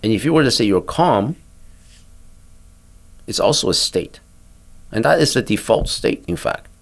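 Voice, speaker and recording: Older man, gravelly calm teacher. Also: on the low side. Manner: calm, patient, instructive, with pauses. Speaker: physician and therapist guest. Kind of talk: guiding a mindfulness exercise in conversation.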